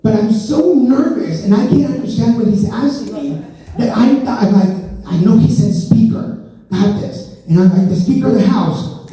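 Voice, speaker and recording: A man's voice: high voice, moderate pace, dark tone. A man doing a stand-up comedy set, chatty and self-mocking, riffing with the crowd. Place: stage in an event hall. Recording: echoey hall, mic heard from a distance.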